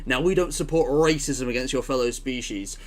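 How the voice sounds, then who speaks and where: A man voicing a blustering male campaign orator in a put-on Southern American accent, loud and rousing. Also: medium pitch, brisk, natural voice. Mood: rousing, ranting.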